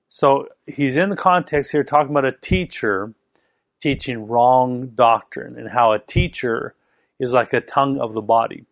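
A man who grew up in Canada, preaching a sermon and telling a personal story in a conversational, animated way. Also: mid-range voice, gravelly, no room sound, clean studio sound.

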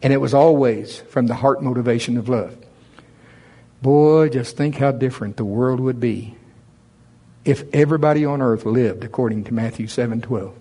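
A man preaching a sermon, reading scripture in old English between his own plain-spoken points. His voice sits in a middle pitch, and he pushes harder as he presses the message home. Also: moderate pace, mellow. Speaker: pastor.

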